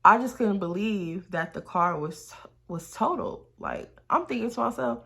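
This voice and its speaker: A woman vlogger tells a wild story straight to her viewers, animated and loose with her swearing. Her voice sits at an everyday middle pitch. She keeps turning back to the audience with "y'all.". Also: a little fast. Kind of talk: casual storytime.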